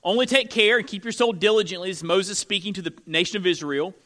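Bright-voiced pastor preaching a sermon. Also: male voice, high voice, quick pace. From Florida. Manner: conversational, joking asides to the congregation.

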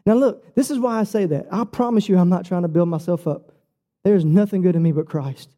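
High, thin-voiced preacher man. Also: a little fast. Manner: earnest, personal storytelling with lively shifts in pitch. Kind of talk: sermon.

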